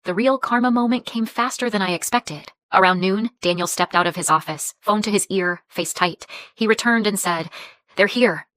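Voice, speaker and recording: A woman narrating a first-person story in a measured, even way. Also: mid-range voice, no echo.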